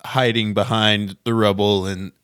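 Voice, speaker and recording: A man narrating a tabletop game as game master, with a low voice. He tells the scene in a steady storytelling way, recorded dry and close. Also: measured pace, clean tone, no room sound.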